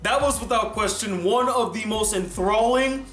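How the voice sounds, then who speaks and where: A man hosting a film review channel, talking in an animated, emphatic way. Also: high voice, moderate pace. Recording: roomy echo with faint music.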